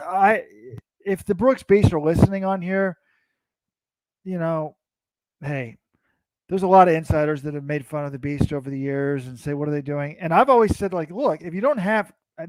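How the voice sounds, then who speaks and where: A man's voice: on the high side, moderate pace, a little mellow, dry recording, low-quality recording. Rambling man on a dry mic. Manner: rambling, self-interrupting storyteller. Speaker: co-host. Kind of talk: casual recap chat.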